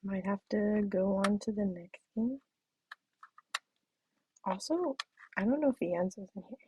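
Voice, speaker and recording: Giggly and casual, a young woman talks on her live stream with an off-feeling throat and the odd whispered aside. She speaks a little slowly with lively intonation, a medium pitch and a dark tone; slight background noise sits under dull, muffled stream audio.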